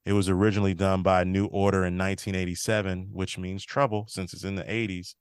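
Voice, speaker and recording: A podcast host with a low, fairly flat voice talks fast as he casually recaps a TV episode. He retells scenes and quotes the characters' lines in a slightly shifted voice. His tone is clean, and the dry recording has studio quality.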